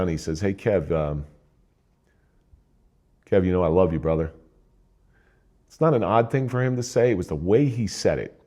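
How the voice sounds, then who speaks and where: A man's voice: sits low, warm tone. An older man from New Jersey, a retired police officer, telling a somber personal story in a plain-spoken way.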